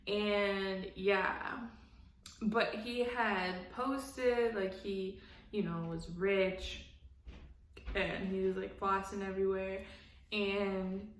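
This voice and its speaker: A woman's voice: mid-range voice, roomy sound, low-quality recording. A young woman recapping a reality show in casual, blunt, profane commentary, laughing often. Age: young adult.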